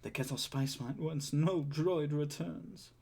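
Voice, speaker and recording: A man's voice: a little high, a little slow, creaky, darkish tone, slight background noise, voice pushed up. A man voicing a fussy, anxious male protocol droid. He frets and recites in old-fashioned verse. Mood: panicked.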